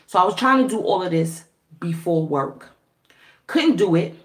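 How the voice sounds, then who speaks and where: Animated, lower-pitched woman telling a story. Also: measured pace. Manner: animated, profane, laughing, acts out quoted voices. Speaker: spiritual reader and vlogger. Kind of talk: casual storytelling to viewers. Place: at home.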